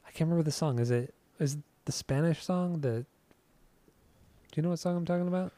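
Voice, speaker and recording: A man's voice: fairly high pitch, quick pace, dark tone, dry recording. A man co-hosting a podcast who explains things in a tentative, hedging way. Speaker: podcast co-host. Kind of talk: casual chat.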